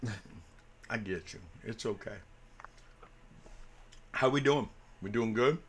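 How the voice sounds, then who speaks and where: A man's voice: on the low side, takes it slowly, slight background noise. A man hosting a live-streamed tabletop game, chatting casually before the session. He is laid-back and keeps saying "right on.". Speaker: game master and stream host.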